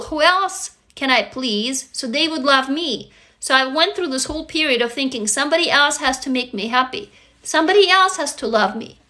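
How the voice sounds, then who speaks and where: A woman's voice: high-pitched, bright, forceful tone. A young woman, not a native English speaker, talking earnestly and confessionally to her livestream viewers, speaking to them directly. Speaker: livestream host. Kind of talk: casual heartfelt livestream talk.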